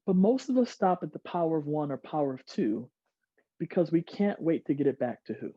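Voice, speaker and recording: A man giving an energetic online workshop, reading out audience replies and laughing often. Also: a little high, fairly quick, no echo, highs cut off. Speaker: workshop speaker. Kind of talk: interactive online workshop talk. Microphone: video call.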